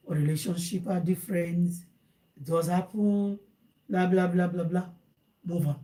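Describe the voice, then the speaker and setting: A woman's voice: fairly low pitch, normal speed, a little mellow. A woman with a Nigerian accent, hosting a casual advice talk for viewers, slipping into Pidgin and repeating phrases for emphasis. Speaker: host.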